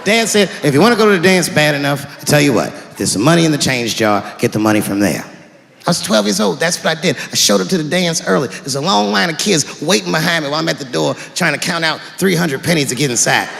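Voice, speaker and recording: Animated gravelly male stand-up comic. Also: quick pace, in a large hall. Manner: animated, swings pitch widely acting out family dialogue. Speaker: stand-up comedian. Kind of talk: stand-up storytelling.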